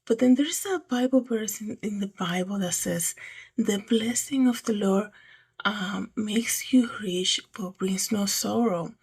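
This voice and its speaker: Husky-voiced woman chatting about faith. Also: medium pitch, unhurried, darkish tone. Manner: chatty, rambling, frequent "right?" and "you know". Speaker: host. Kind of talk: casual faith talk to camera.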